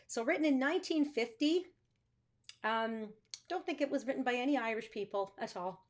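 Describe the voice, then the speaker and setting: A woman's voice: sits high, expressive, normal speed, pauses often. A woman music teacher hosting a live stream, chatting casually with self-amused asides. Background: guitar music.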